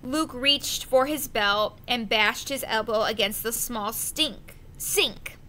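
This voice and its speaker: A woman reading a children's adventure novel aloud, slow and careful, with the odd slip of the tongue. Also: a little high, bright, forceful tone, slight background noise. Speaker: audiobook reader. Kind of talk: storybook narration.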